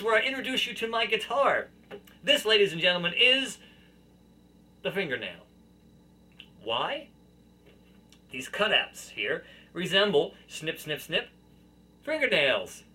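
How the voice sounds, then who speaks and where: A high, sharply bright man's voice that swings all over the place as he chats playfully to his camera. He is amused with himself and talks like a casual host, picked up by the camera's own mic. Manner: playful, self-amused, chatty. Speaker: video podcast host. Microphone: built-in camera mic.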